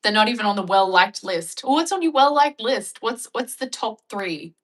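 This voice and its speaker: A young Australian woman chatting casually and bluntly with her viewers, joking and acting out animated retellings. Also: mid-range voice, normal speed, low-quality recording. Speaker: vlogger. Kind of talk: casual chat reacting to viewer comments.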